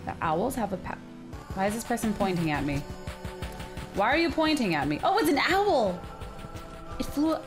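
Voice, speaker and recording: A woman narrates her gameplay in an excitable, chatty way, her slightly high voice swooping up and down through gasps of confusion. Faint music plays under her commentary. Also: normal speed, long pauses. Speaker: gaming video host. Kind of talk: let's play commentary.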